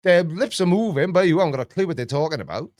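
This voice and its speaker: A man hosting a casual chat, rambling and jokey, often jumping up in pitch. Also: animated, fast talker, a little mellow, no room sound, studio quality. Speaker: YouTube reaction host.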